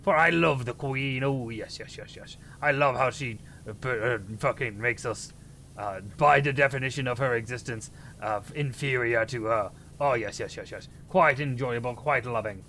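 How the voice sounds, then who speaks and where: A man voicing a pompous mock-posh British gentleman in an exaggerated put-on British accent, with a theatrical, drawn-out delivery. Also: mid-range voice, slight background noise, voice pushed down. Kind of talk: comic impression on a livestream.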